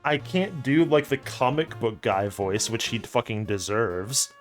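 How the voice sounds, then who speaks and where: A man's voice: mid-range voice, measured pace, faint music behind. A young man streaming live, chatting casually in a rambling, stammering way and swearing often.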